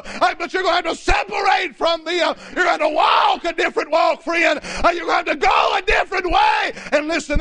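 Casting note: male pastor, very high, piercing tenor, fiery shouted sermon, keeps calling for amens. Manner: shouting preacher, repeated "amen" and "my friend".

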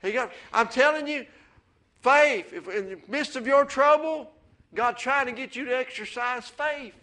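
Male pastor, high and bright, folksy preaching that builds to excitement. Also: unhurried. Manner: folksy storytelling, rising to excited preaching with amens. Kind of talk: sermon.

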